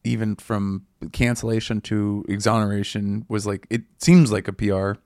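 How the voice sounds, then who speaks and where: A man co-hosting a comedy podcast, talking in halting, hedging casual banter. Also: fairly low pitch, fairly even intonation, darkish tone, dry recording, clean studio sound.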